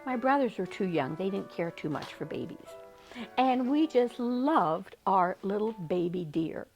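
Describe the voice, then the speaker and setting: An older woman telling a childhood story in a gentle, sing-song way, lingering tenderly on her words. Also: mid-range voice, animated, a little slow, low-quality recording. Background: music.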